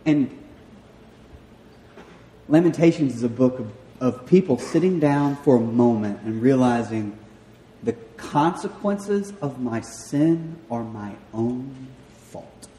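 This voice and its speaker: A young man with a Southern American accent, preaching a sermon in a church and telling stories about himself with a lively, self-mocking delivery. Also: medium pitch, slow pace, a little hiss or hum. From Southern United States. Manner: animated storyteller, self-mocking, acts out voices. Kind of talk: sermon with personal story. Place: church sanctuary. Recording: echoey hall with long reverb.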